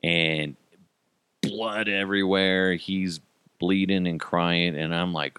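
A man hosting a podcast, telling a profane, animated story in a casual way and laughing at his own jokes. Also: low voice, takes it slowly, clean tone, no room sound. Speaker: podcast host.

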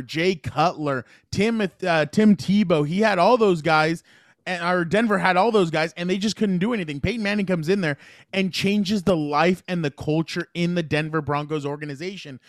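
A man's voice: high voice, no echo, clean studio sound. A man co-hosting a sports talk show in a casual, rambling way, stumbling over restarts and retelling anecdotes with quoted dialogue.

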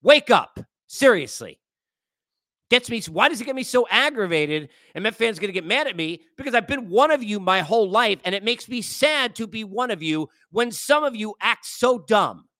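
A man rants through sports commentary in a high, sharp, forceful voice, lecturing his listeners with exasperation. The sound is dry and close, with no room around it. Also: lively intonation, brisk, hardly any pauses, no room sound. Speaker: sports podcast host.

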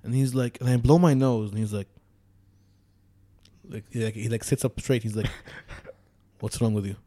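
A man's voice: medium pitch, steady tone, a little slow, warm tone. A man telling a travel story to friends in a casual chat, acting out the voices and laughing often.

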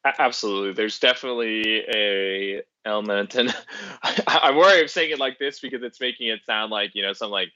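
Male podcast co-host, bright forceful voice, dull dry recording, rambling casual delivery. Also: lowish voice, brisk, no room sound. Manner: rambling, many fillers and restarts. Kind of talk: casual chat.

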